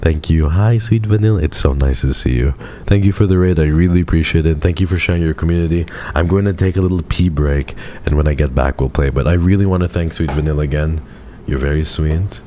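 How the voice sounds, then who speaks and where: A young man talks to his stream audience in a playful, teasing, mock-dramatic way. His voice sits extremely low and sounds dark and mellow. A faint hiss runs under his desk mic. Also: fast talker, hardly any pauses. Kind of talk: casual live-stream chat with chat.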